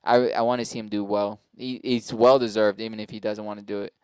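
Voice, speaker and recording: A man's voice: lowish voice, flat delivery, brisk, darkish tone, clean tone, dry recording. A man hosting a show and talking in a casual, rambling, profane monologue, often cutting himself off mid-sentence. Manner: profane, rambling, self-interrupting. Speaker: host and stand-up comic.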